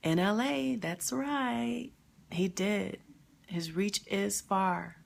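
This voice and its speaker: A woman hosting a live stream, talking emotionally and haltingly, sad and near tears, pausing to answer viewer comments. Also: mid-range voice, creaky. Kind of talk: grieving live stream reaction.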